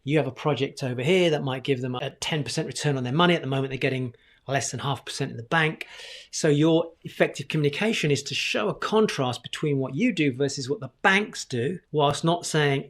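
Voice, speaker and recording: A man teaching communication skills straight to camera, energetic and conversational, often posing questions. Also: a little high, fairly quick. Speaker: communication coach.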